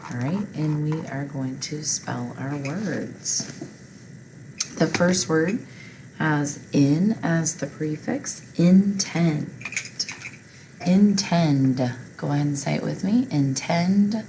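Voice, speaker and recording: A woman's voice: low-pitched, takes it slowly, creaky, noisy background. A woman teaching a phonics lesson, patiently reading word lists and spelling words out, asking listeners to repeat after her.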